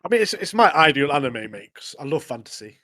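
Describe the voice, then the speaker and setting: A man's voice: fairly high pitch, big pitch swings, quick pace, sharp tone. A young man co-hosting a podcast, retelling scenes in a rambling, laughing casual chat. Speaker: podcast co-host.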